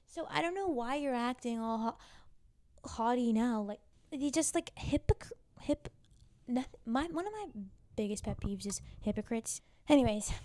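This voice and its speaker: A chatty young woman walks through a TV drama recap, filling her sentences with "like" and asides. Her voice sits a little high but sounds mellow and warm. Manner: chatty, full of "like" fillers and asides. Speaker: YouTube recap host. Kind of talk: casual TV episode recap.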